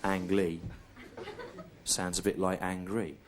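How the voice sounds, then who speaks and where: A middle-aged English man doing a stand-up comedy routine, deadpan and laid-back with lots of repetition. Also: low voice, slow, crowd noise. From England.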